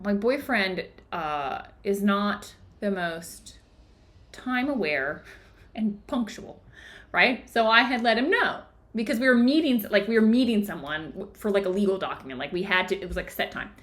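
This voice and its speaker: A woman's voice: medium pitch, animated, normal speed, a bit bright. A woman hosting a book club discussion, telling a personal story in a chatty way with many fillers.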